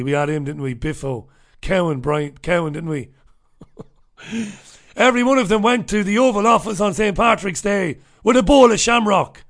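Man, livestream host, casual comment-reading chat, gravelly, sardonic, profane asides. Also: on the high side. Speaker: host of his own radio show and livestream.

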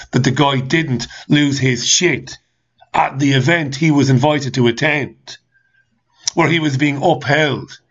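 A man's voice: medium pitch, husky, highs cut off. A man hosting a talk show, ranting angrily with repeated rhetorical questions and swearing. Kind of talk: ranting monologue reading listener comments.

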